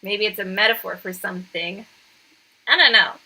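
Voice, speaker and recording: A woman's voice: medium pitch, fairly even intonation, normal speed, pushed and bright. A woman streamer reacting to a video in casual live commentary, incredulous and sarcastic.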